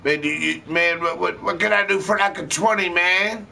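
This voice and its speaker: A man's voice: sits high, moderate pace, vocal fry, bright, forceful tone, recorded from a distance, a little hiss or hum, pitched above the performer's own voice, exaggerated voice. A man doing a stammering, begging street addict. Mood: pushy begging. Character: desperate pleading male street addict.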